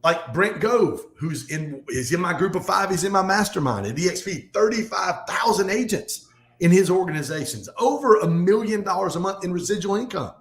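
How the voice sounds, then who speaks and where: A man speaking as a guest in a casual podcast conversation, talking in an animated, fast, motivational way. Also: sits high. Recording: echoey room.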